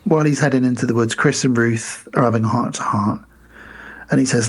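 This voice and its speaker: A man co-hosting a podcast, casually recapping a film plot and slipping into quick mock voices. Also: mid-range voice, slightly rough. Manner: retells scenes with quick mock voices and laughs. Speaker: podcast co-host.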